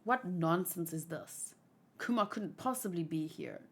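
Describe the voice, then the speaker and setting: A woman voicing a cruel elderly male tyrant, speaking slowly and with icy disdain as she reads a comic aloud. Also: medium pitch, fairly bright tone, voice pushed down. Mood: scornful.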